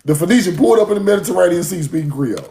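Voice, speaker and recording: A man's voice: high-pitched, rapid-fire, vocal fry, reverberant. A man, talking casually and mockingly in a profane rant to his audience. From US South. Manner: animated, laughing, mocking, profane.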